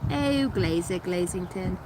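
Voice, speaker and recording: A woman's voice: lowish voice, lively intonation, unhurried. A woman in her thirties or forties reading tarot cards live, chatting loosely with viewers and swearing freely. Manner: loose, profane, laughing, reading chat aloud. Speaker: tarot reader streaming live. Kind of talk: casual live-stream chat and card reading. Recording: loud background noise.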